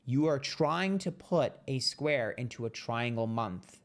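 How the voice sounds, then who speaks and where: A man giving a casual monthly tarot reading, blunt and profane, chatty and playful with sudden jumps in pitch. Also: animated, a little slow. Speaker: tarot reader.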